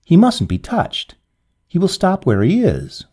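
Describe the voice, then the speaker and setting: A grief-stricken young woman who pleads and then turns shrill and frantic, as a male storyteller puts her on. The voice sits well above his own, mellow in tone and rising and falling widely. Dramatic story reading. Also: huge pitch swings, measured pace, exaggerated voice. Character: distraught young woman mourning a dead man.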